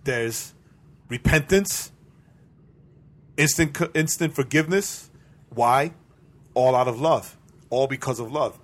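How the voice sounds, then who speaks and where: Earnest husky man preaching in podcast chat. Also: mid-range voice, slow, pauses often. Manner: earnest, preachy, keeps asking "right?". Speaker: podcast co-host. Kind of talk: casual faith podcast chat.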